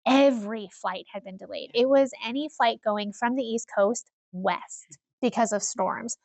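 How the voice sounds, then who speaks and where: Woman, podcast co-host, gravelly voice, a bit high, dry close sound, animated storytelling. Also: a little slow, no echo. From Iowa. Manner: animated storyteller, laughs often, acts out quoted people. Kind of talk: casual conversational podcast.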